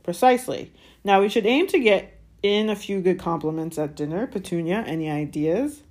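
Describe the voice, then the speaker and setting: A woman's voice: medium pitch, normal speed, voice pushed up, natural voice. A woman voicing a bullying middle-aged uncle who barks his orders nastily. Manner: loud, barking, nasty.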